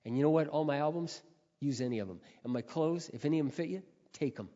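A man giving an earnest testimony sermon, telling his story and then urging his listeners loudly. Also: a little high, fast talker. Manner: earnest storytelling that rises to loud exhortation. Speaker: preacher. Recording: long hall reverb, dull lo-fi sound.

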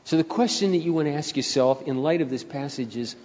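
Older male pastor, emphatic sermon delivery, slightly high voice, dull recording with long reverb. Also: fairly quick, few pauses. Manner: emphatic preacher who swings between soft storytelling and loud rising appeals.

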